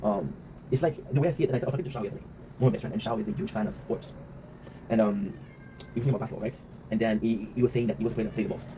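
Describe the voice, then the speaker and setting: Rapid-talking man, rambling vlog monologue. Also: lowish voice. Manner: rambling, reflective, swears freely, often tags "right?". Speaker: vlog host. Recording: noisy ambient background.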